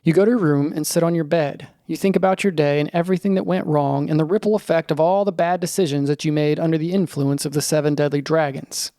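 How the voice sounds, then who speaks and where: A man narrating a scripted children's story in the second person, in a lively storytelling manner. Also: on the high side, fast, hardly any pauses, no echo, studio quality.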